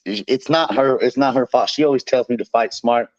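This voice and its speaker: A man's voice: medium pitch, fairly quick, darkish tone, dry recording. A man who is a bare knuckle fighter, guesting on a show and trash-talking his opponent in a boastful, profane, fired-up way. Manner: boastful, fired up, swears constantly. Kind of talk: brash profane trash talk. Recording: slightly dull dry recording.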